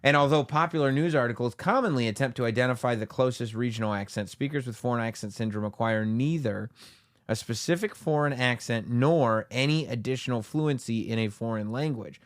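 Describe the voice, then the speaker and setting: A man's voice: mid-range voice, a little fast, no room sound, clean studio sound. A man co-hosting a podcast, reading out facts and teasing his co-host in casual chat.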